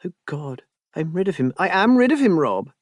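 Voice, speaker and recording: A man voicing a frank, spirited young woman in an audiobook, raising his pitch and speaking emphatically. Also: lively intonation, moderate pace, dry recording. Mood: jubilant. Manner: raised pitch, brash and emphatic. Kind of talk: audiobook character voice.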